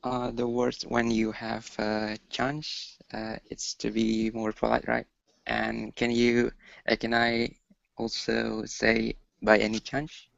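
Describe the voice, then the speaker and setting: A man practicing English speaks slowly and hesitantly, his flat voice gravelly. The sound is dry and dull, like a lo-fi call. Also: medium pitch, no echo. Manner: hesitant, many fillers. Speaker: student.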